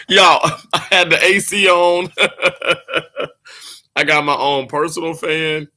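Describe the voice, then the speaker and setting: A slightly hoarse man hosts a casual livestream from a hotel room. His voice sits a bit high and sounds bright and tense, and he chats playfully with viewers, laughing often and stretching out his words. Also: fairly even intonation, takes it slowly, pauses often. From Mississippi. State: a little hoarse. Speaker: livestream host.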